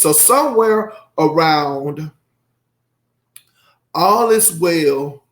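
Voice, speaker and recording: A man giving a casual, effusive album review, rambling and emotional, with many fillers. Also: on the high side. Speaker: music reviewer.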